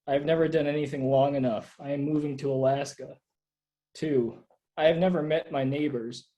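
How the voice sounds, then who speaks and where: A man reading his own absurd poems aloud at a live reading, in a deadpan way. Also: fairly high pitch, normal speed, poor audio. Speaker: poet reading own work.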